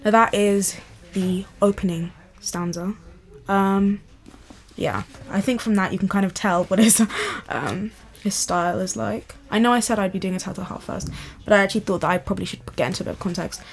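A woman talks casually and eagerly about poems she loves, drifting off on tangents as she goes. Her pitch sits in an ordinary middle range for a woman, and her speech is chatty and unscripted. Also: fairly quick. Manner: enthusiastic and rambling. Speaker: vlogger. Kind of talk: casual chat about poetry.

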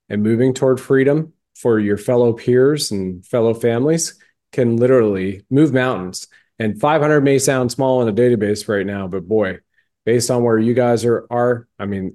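A man's voice: mid-range voice, mellow. A male podcast host interviewing a guest in a fervent, emphatic, folksy way. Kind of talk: interview conversation.

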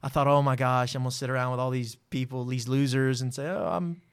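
A man, a guest telling a personal testimony with lively acted-out dialogue. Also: medium pitch, fast talker, smooth. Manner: animated, acts out voices in his story. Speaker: interview guest. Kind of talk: storytelling testimony.

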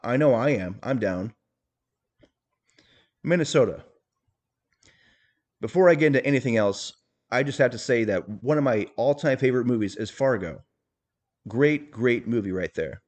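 A stiff, boastful rich politician, as a man puts him on for a comedy impression. He brags in a folksy way and tells clumsy jokes. His voice sits at a middling pitch for a man. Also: animated, moderate pace, pauses often, darkish tone, close to an everyday voice. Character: awkward, boastful rich male politician on a state-by-state tour.

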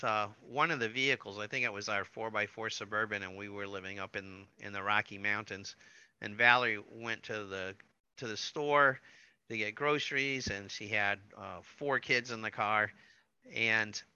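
Bright, clear-voiced man telling a story. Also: on the low side, dry recording, muffled recording. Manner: animated, repeats words, acts out quotes. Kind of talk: storytelling in casual conversation.

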